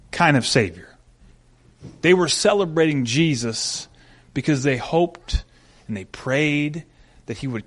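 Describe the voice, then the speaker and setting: A young adult man preaching a sermon, telling stories with an animated delivery that swings from quiet to loud. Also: a little high. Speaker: pastor.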